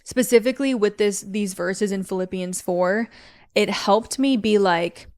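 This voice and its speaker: A woman's voice: medium pitch, unhurried, a little mellow. A young woman hosting a podcast, talking candidly about therapy and faith, with many "like" fillers. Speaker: podcast host. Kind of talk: personal faith talk.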